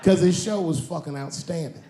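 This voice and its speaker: A man's voice: on the high side, moderate pace, mellow, a little hiss or hum. A man doing stand-up comedy, telling a laid-back story and acting out the other voices in it. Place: comedy stage with live audience.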